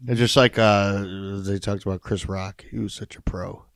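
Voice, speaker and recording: A man with a deep, low voice chimes in briefly on a casual podcast. He mostly adds short agreeing remarks. The sound is dry and close. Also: steady tone, normal speed, gravelly, no room sound. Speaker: podcast co-host.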